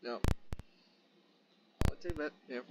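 A man's voice: on the high side, takes it slowly, slight background noise, low-quality recording. Rambling jokey gamer guy. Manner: rambling, jokey, talks to the game characters. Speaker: gaming video host. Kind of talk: casual let's play commentary. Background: game music.

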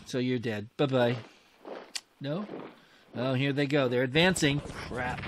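A man narrating his strategy war game in a casual, thinking-aloud way, with excitable exclamations and old-fashioned mild oaths. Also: medium pitch, background noise. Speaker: gaming host.

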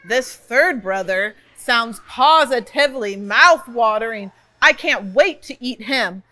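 A woman's voice: a little high, expressive, slow pace, pushed and bright, voice pushed down, full character voice. A woman voicing a hungry, greedy male troll who gloats and rhymes about food. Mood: eager. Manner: gleeful, rhyming, relishing food.

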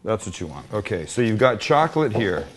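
A man's voice: on the low side, big pitch swings, fairly quick, slight background noise. A middle-aged man hosting a casual cooking demonstration in his home kitchen, joking at his own expense while he works. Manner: joking, self-deprecating, talks while working. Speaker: cooking show host.

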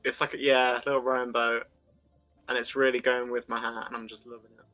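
Casting: young man, crisp bright voice, chatty joker on a headset, faint game music. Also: mid-range voice, a little fast. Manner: joking, chatty, gives excited directions. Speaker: gamer. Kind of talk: casual game chat with friends.

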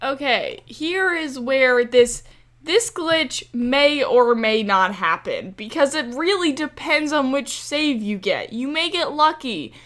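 A woman's voice: sits high, animated, slow pace, a bit bright. A young woman giving casual, chatty commentary over her gameplay, often exasperated and talking back to the game's characters. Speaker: gaming creator.

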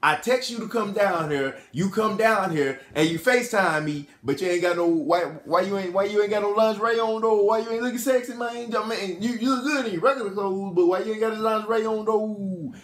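A man acting out a flirty, smooth-talking male rapper who coaxes in casual street slang. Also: high-pitched, fairly quick, hardly any pauses, reverberant, pitched above the performer's own voice, lightly acted. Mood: pushy.

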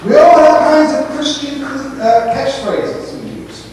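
High-voiced male pastor in an echoey hall. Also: slow pace, a little mellow, slight background noise. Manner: conversational preaching with storytelling. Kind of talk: sermon. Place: church sanctuary. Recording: echoey church hall from far off.

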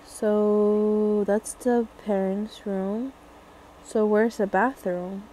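This young woman, a gaming video creator, thinks aloud in casual horror-game commentary and grows jumpy and frightened in the chases. Her mid-range voice is dark-toned, fairly even, and extremely slow, with slight background noise and poor audio.

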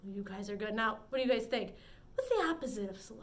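A woman leading a preschool story time, singing and talking in a bright, sing-song, encouraging way. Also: mid-range voice, lively intonation, fast. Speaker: children's librarian.

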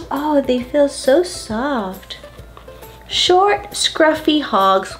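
A woman's voice: high-pitched, sing-song, drawn-out words, fairly bright tone, faint music behind. A woman hosting a story time, reading a picture book aloud to preschoolers in a playful, coaxing way, with gasps and questions for the children.

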